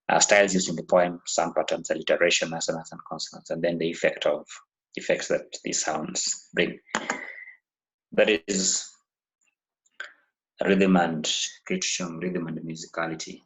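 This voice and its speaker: A male English teacher runs through exam topics one short phrase at a time. His voice sits low, with a gravelly fry. He keeps an even, flat delivery throughout the revision lesson. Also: normal speed, low-quality recording. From Kenya.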